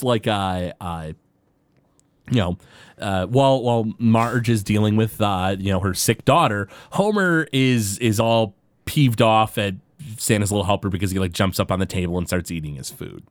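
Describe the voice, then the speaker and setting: A man co-hosting a podcast in casual chat, hesitant and halting with many fillers, now and then acting out quoted lines. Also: on the low side, expressive, dry recording. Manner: acts out quoted characters. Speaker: podcast co-host.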